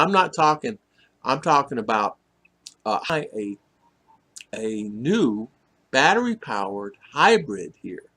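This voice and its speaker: A man's voice: medium pitch, bright, forceful tone. Teasing man hosting a chatty live stream. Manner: teasing, chatty, laughs often. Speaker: live stream host reading chat. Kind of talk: casual live stream chat.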